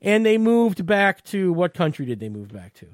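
A man's voice: high voice, very animated, moderate pace, dry recording, clean studio sound. A man co-hosting a talk show, ranting heatedly and swearing often. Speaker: podcast co-host.

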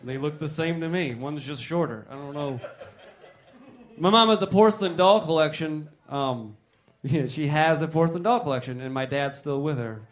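A man's voice: fairly high pitch, moderate pace. A man doing stand-up comedy, rambling, joking and talking with the crowd.

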